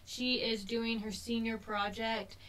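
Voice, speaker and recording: A woman's voice: on the high side, flat delivery, slow pace, fairly bright tone, far from the mic. A woman co-hosting a book talk, chatting casually and gushing enthusiastically about a book she loved. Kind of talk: casual chat.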